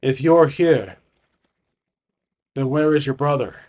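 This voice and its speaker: A man's voice: medium pitch, slow, a little mellow, natural voice. A man voicing a blunt, earnest warrior.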